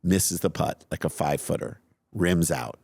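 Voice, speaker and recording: A man co-hosting a podcast, telling a story in a casual, animated, self-mocking way. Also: very deep voice, normal speed, gravelly, husky, dry recording, studio quality. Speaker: podcast co-host.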